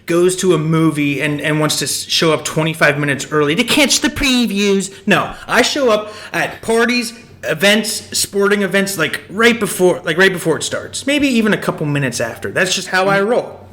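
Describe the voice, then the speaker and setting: A young man co-hosting a casual podcast, telling rambling, animated stories and leaning into the mic. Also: sits high, moderate pace. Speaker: podcast co-host. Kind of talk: casual chat.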